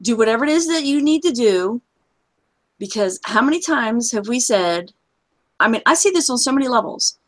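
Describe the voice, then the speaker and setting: Woman, high-pitched, blunt, profane, emphatic, casual gaming host rant. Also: expressive, normal speed.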